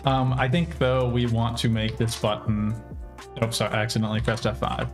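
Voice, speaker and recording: A man's voice: mid-range voice, level tone, fairly quick, faint music behind. A young American man casually thinking aloud while programming on a livestream, with many fillers. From United States. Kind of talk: casual live coding commentary.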